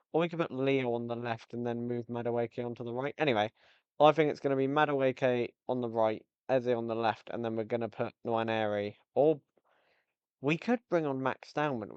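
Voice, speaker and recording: A man's voice: mid-range voice, clean tone, no echo. A man hosting a casual football podcast, rambling and joking, easily sidetracked into tangents. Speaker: podcast host. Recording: slightly dull lo-fi audio.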